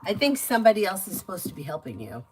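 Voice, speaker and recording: A woman giving casual tarot readings on a live stream, chatty and quick to laugh, with lots of fillers. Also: mid-range voice, very animated, a little mellow, breathy edge, poor audio. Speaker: tarot reader.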